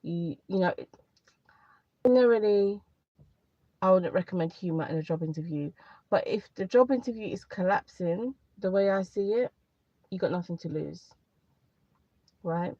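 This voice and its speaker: A woman with a lowish voice talks candidly to her live viewers and gives advice in a loose, rambling way, often saying things twice. The sound is dry and a little dull, like a phone or laptop mic on a stream. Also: moderate pace, warm tone, no echo. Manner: candid, rambling, repeats herself. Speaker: career advice livestreamer. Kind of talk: casual live chat to viewers.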